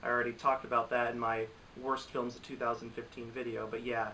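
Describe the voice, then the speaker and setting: A man's voice: mid-range voice, little pitch movement, brisk, sharp tone, distant mic, a little hiss or hum, poor audio. A man giving casual, rambling, exasperated commentary on bad movies, often restarting his sentences. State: recovering from a cold. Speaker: movie reviewer.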